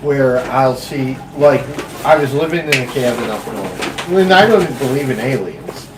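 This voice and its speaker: A man's voice: medium pitch, expressive, measured pace. A man casually telling a rambling, swearing story in a room at home, recorded from a distance. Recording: roomy, distant mic with clear background noise.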